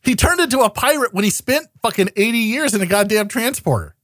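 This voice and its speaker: High, lively man bantering casually. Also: brisk, no echo, clean studio sound. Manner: swears freely, laughs often, teasing.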